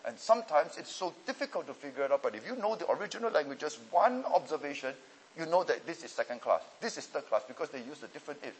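A man teaching a class on Bible languages and preaching, emphatic and deliberate, often checking in with his listeners. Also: fairly high pitch, big pitch swings, slight background noise, low-quality recording.

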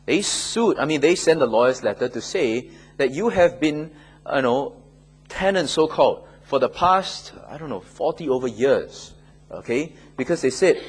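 A man answers questions in a Bible class, his voice somewhat husky and breathy. He talks in a loose, conversational way at an ordinary pitch, often tagging his points with "okay?" or "right?". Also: animated, normal speed, rough recording.

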